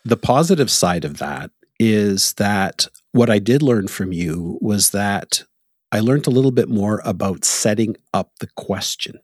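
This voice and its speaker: A Canadian man with a husky, fairly low voice chats casually as a podcast host. He talks animatedly, tells anecdotes and breaks into laughter often. The sound is dry and close, with no room echo. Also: animated, a little slow. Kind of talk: casual conversation.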